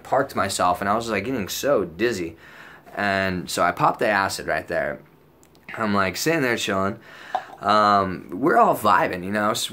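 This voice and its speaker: A young man with a lowish voice tells a story out loud in a casual, animated and profane way. His speech is packed with slang and with lines he acts out in other people's voices.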